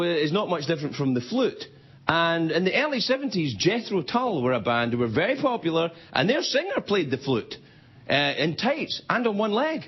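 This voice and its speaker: A man's voice: fairly high pitch, sing-song, normal speed, slightly rough. A middle-aged man from Scotland, hosting a late-night show and telling rambling, self-mocking stories in a comedy monologue. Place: TV studio before a live audience. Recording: dull TV recording with loud audience.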